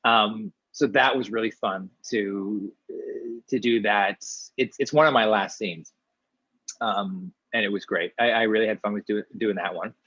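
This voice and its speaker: This actor guest, a man from small-town Ontario in Canada, answers interview questions casually and chattily, with lots of animation, frequent restarts and quick asides. He has a fairly low, slightly rough voice, captured in a dull, dry lo-fi recording.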